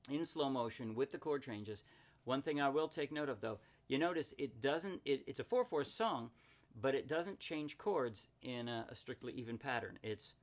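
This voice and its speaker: A man explaining ukulele chords and strumming in a casual tutorial, chatty and often correcting himself with quick apologies. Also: medium pitch. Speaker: ukulele teacher. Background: ukulele playing.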